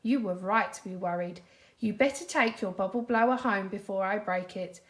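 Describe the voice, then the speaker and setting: A woman voicing a dim, clumsy male cartoon starfish in a storybook reading, loud and drawn-out. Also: medium pitch, close to an everyday voice. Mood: sheepish.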